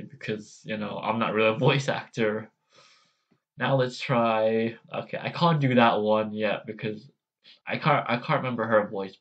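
Slow, hesitant man vlogging. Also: lowish voice, a bit bright, highs cut off. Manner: hesitant, self-deprecating, full of restarts. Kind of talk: casual vlog chat.

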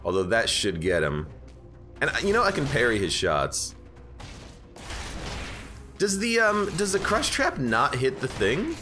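A man's voice: mid-range voice, huge pitch swings, measured pace, pauses often. A man giving rambling casual commentary while playing a video game, often correcting himself mid-sentence. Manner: rambling, self-correcting, chatty. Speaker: game streamer. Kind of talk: casual let's-play commentary. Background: game music.

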